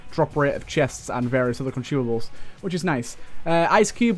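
A young man giving casual let's play commentary, chatty and jokey, swearing and talking to enemies as he plays. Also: medium pitch.

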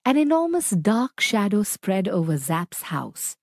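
Slow, lively woman reading a children's story. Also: mid-range voice, no room sound, clean studio sound. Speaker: storybook reader. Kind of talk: children's story read-aloud.

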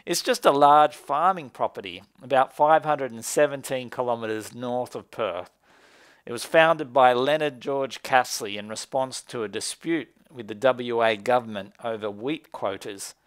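A man's voice: medium pitch, unhurried, fairly bright tone, clean tone, no echo. A man, a pastor giving a prayer and a sermon in a conversational way with occasional fillers.

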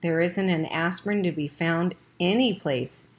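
A woman's voice: lowish voice, unhurried, close to an everyday voice. A woman voicing a middle-aged father, exasperated and helpless.

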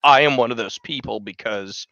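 A man talking on a casual podcast with a bright, forceful tone. He is chatty and eager, often restarting his thoughts. The sound is dry and a little dull, as from a modest home setup. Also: mid-range voice, moderate pace, dry recording. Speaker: podcast co-host.

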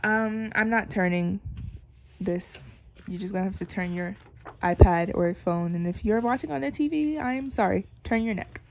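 A woman's voice: medium pitch, moderate pace, slight background noise. Chatty young woman unboxing with faint clicks. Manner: chatty and playful, often laughing, with dramatic complaints. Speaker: album unboxing vlogger. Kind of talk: casual unboxing chat.

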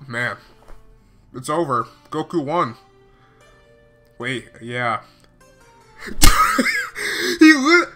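A man commenting live on a show as he watches it, talking casually with lots of slang and breaking into loud exclamations. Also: high voice. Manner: excitable, bursting into exclamations and laughs; slangy, casual filler talk. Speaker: reaction video host.

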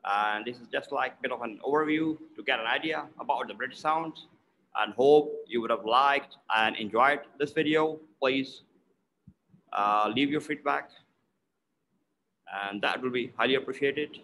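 A man teaching pronunciation, explaining slowly and repeating words aloud to model each sound. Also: mid-range voice, gravelly, a bit bright, slight background noise, low-quality recording.

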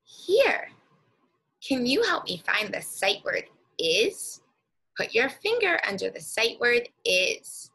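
A woman teacher leading a guided reading lesson for young children, speaking slowly and encouragingly and stretching out words. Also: fairly high pitch, big pitch swings, creaky, pushed and bright, slightly rough, low-quality recording.

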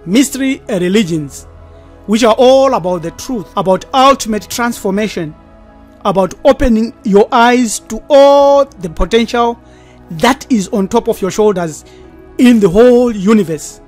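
A woman presenter giving a scripted talk, with an emphatic, deliberate and pointed delivery. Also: medium pitch, a little mellow.

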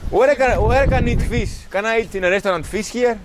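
A man's voice: very high-pitched, quick pace. A man from Greece, a native Greek speaker, chatting outdoors as a travel vlogger in simple, friendly non-native English. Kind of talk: casual travel vlog chat. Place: outdoors in a seaside town. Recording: outdoor noise behind.

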